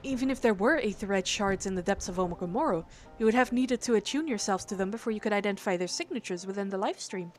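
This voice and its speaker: A woman voicing a calm, learned female scholar in a formal, measured, softer tone over faint game music. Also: mid-range voice, close to an everyday voice. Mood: thoughtful.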